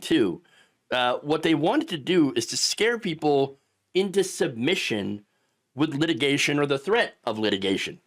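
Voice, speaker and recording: Animated sarcastic male political commentator. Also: a little high.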